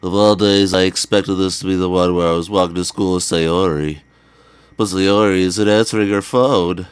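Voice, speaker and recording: A man's voice: low-pitched, fairly even intonation, moderate pace, clear, resonant tone, no room sound, natural voice. A man reading a teenage boy's inner narration from a game in an easygoing, plain voice. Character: ordinary teenage boy narrating his day.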